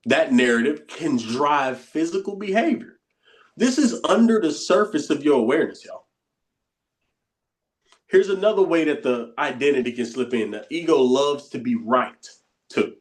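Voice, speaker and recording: Man, coach, casual spoken lesson, repetitive, slightly high voice. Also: animated, moderate pace. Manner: conversational, repeats phrases, acts out inner voices quietly. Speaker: coach teaching a bootcamp session.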